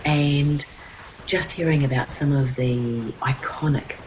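A woman's voice: sits low, steady tone, slow pace, darkish tone, a little hiss or hum, low-quality recording. A middle-aged woman, an interview guest speaking earnestly, with many fillers and restarts. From New Zealand. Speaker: guest, children's TV presenter and producer. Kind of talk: interview conversation.

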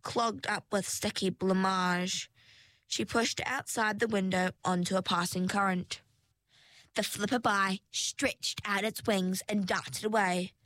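A woman reading a storybook aloud in a slow, measured way. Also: mid-range voice, steady tone, a bit bright, no echo.

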